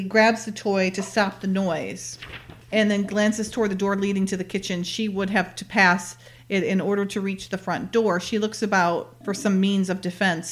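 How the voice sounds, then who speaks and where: Woman chatting through a tv episode recap, laughs a lot, middle pitched voice. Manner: chatty, laughs often, retells scenes by quoting characters. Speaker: podcast co-host.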